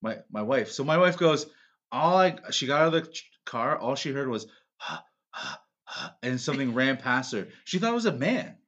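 A man's voice: medium pitch, lively intonation, a little fast, fairly bright tone, dull audio. A man, a podcast co-host, telling crude stories in casual, mock-defensive chat.

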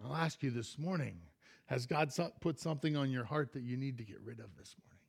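A middle-aged male pastor giving a sermon, telling a folksy story that keeps surging into excitement. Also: mid-range voice, fairly quick, gravelly, slightly rough.

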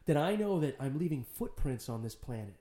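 Animated, foul-mouthed man in a roomy space. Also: fairly high pitch, fairly quick. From San Jose, California. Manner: animated, swears freely, storytelling. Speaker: podcast guest. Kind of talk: casual podcast conversation. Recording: roomy echo.

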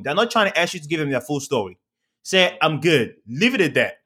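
A young man telling a funny story in casual podcast chat, animated and laughing, with frequent swearing. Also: on the high side, fast, slightly rough.

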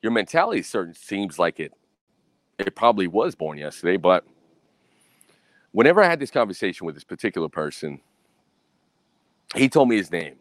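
A man's voice: sits low, sing-song, fairly quick, pauses often, no echo. An American man telling a story in a blunt, profane rant, keeping up a "right?" after his points. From United States. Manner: keeps asking "right?". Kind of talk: casual profane monologue.

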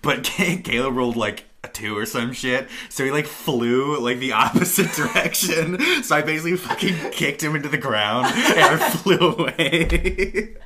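Bright-voiced young man, laid-back chat. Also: a little high, normal speed, few pauses, a little hiss or hum. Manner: laid-back, laughs often, many likes. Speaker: podcast co-host. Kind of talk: casual chat.

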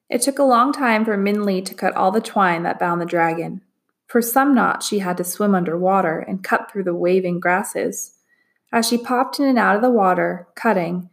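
A woman reading a children's novel aloud in a calm, steady narrating voice. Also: mid-range voice, creaky. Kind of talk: storybook reading.

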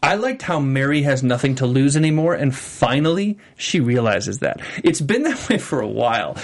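A man co-hosting a TV after-show, chatting casually and giving opinionated, animated takes on an episode. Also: mid-range voice, normal speed. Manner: opinionated, animated, acts out lines in voices. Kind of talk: casual chat reviewing an episode.

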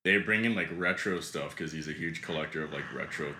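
A man's voice: a bass voice, a little fast, a little hiss or hum. A young man co-hosting a casual podcast, telling a story and acting out what others said in mocking voices. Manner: animated storyteller, acts out quotes in mocking voices. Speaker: podcast co-host. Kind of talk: casual chat. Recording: echoey room.

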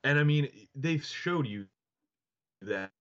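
A man's voice: fairly high pitch, expressive, slow pace, dull audio. A man co-hosting a casual sports podcast, talking in an opinionated way with lots of fillers. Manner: opinionated, hedging with frequent fillers. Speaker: podcast co-host.

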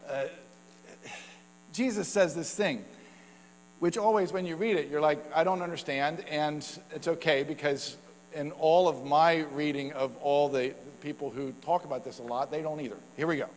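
A male pastor delivers a sermon in a conversational style, scattering fillers and little laughs through his points. His voice sits a little high for a man. The recording carries a long church-hall reverb and a faint mains hum.

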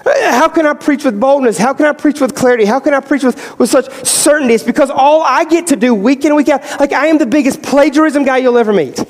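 A man preaching a sermon as pastor, animated, moving between loud emphasis and quiet storytelling. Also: very high voice, fast talker, hardly any pauses. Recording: hall reverb.

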